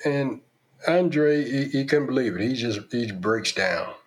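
A man's voice: mid-range voice, animated, a little slow. A man hosting a podcast, delivering an opinionated monologue in an emphatic, preachy style with lots of rhetorical questions. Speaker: podcast host.

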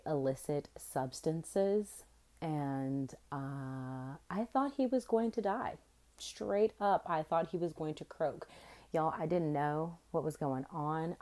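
A young adult woman hosting a podcast, telling a story in a casual, animated and profane way that swings between loud and soft. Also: low-pitched. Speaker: podcast host.

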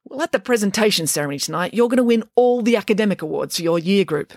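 A woman's voice: medium pitch, expressive, fast talker, dry recording, studio quality. A woman reading aloud and voicing a pompous, blustering male headmaster who exclaims indignantly. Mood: pleading.

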